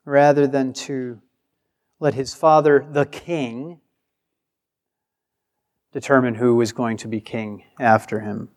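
A man's voice: medium pitch, steady tone, slow, long pauses, a little mellow. A man preaching a sermon with emphasis, acting out the replies he quotes. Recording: long hall reverb.

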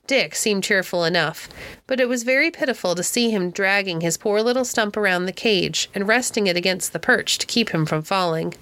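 A woman reading a classic novel aloud in a clear, steady storybook manner. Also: mid-range voice, dry recording. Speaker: audiobook narrator.

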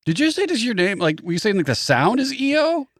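A man co-hosting a casual podcast chat, teasing his partner with quick wisecracks, recorded in a podcast studio. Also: high voice, big pitch swings, dry recording. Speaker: podcast co-host.

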